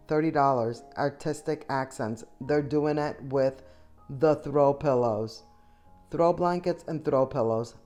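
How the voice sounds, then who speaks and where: A woman's voice: low voice, darkish tone. A middle-aged woman chatting enthusiastically to viewers as she shops, talking to them directly. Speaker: shopping vlogger. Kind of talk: casual shop-with-me voice-over.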